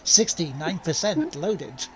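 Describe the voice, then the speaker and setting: Lively joking man over game noise. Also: high voice, slow, crowd noise. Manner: joking, distracted while driving. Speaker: streamer racing in a driving game. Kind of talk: casual live-stream chat.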